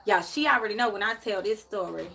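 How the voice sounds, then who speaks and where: A woman's voice: mid-range voice, fast talker, vocal fry, sharp tone, slight background noise. A woman, hosting a casual live tarot stream and talking emotionally to her viewers in a repetitive way. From Memphis, USA. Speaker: tarot reader and host.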